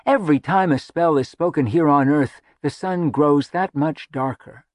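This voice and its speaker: A man's voice: on the high side, no room sound, voice pushed up, lightly acted. A man voicing a sardonic woman who speaks darkly and mockingly, telling old lore in a storybook reading. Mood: brooding. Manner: brooding, mocking, drawn-out. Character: dark-spoken sardonic woman, lore-teller.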